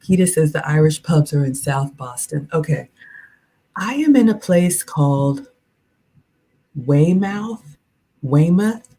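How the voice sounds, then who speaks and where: A middle-aged woman with a Southern American accent, chatting casually on a livestream, her voice low and mellow. She is playful and chatty, reading out viewer comments and riffing on them as she goes. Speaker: cooking and lifestyle livestreamer.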